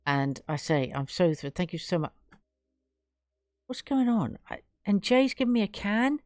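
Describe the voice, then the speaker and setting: A chatty, effusive woman from England hosts her live stream and thanks her viewers warmly. Her voice sits fairly low for a woman. The recording is dry and close. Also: big pitch swings, unhurried, dry recording. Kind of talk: casual live stream chat.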